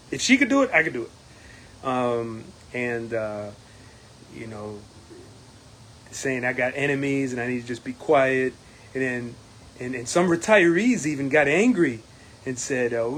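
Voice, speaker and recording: A man's voice: medium pitch, lively intonation, a little slow, pauses often, a bit bright, slight background noise, low-quality recording. A man, a union steward running for local president, recapping an event in a casual talking-to-camera monologue, emphatic and defiant, with many fillers and restarts.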